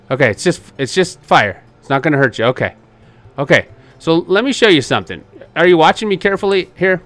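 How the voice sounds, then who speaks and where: A man giving excitable gameplay commentary as a channel host, laughing often and coaxing the other players with reassurance. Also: medium pitch.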